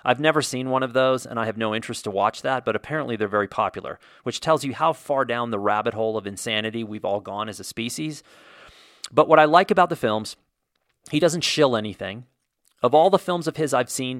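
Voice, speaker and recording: A man's voice: mid-range voice, animated, a little fast, a bit bright, no echo, clean studio sound. Blunt, opinionated male podcast host. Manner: blunt, opinionated, ranting with mild swearing. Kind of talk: solo podcast monologue.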